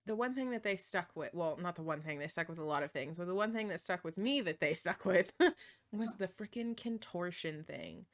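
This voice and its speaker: A woman's voice: fairly low pitch, expressive, normal speed. Laughing, swearing woman. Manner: laughs often, swears freely. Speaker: podcast co-host. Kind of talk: casual chat.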